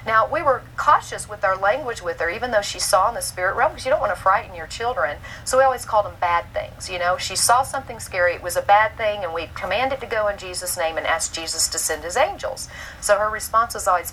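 A woman in her forties preaching a sermon as a minister, telling a family story and acting out quotes in a higher voice. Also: animated, a little fast, bright, forceful tone, slight background noise, poor audio.

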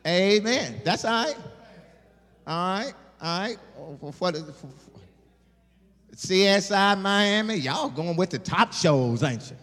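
Preacher, male, lively call-and-response sermon, echoing sanctuary. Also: high voice, slow pace. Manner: animated, call-and-response, laughing asides. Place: church sanctuary. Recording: long hall reverb.

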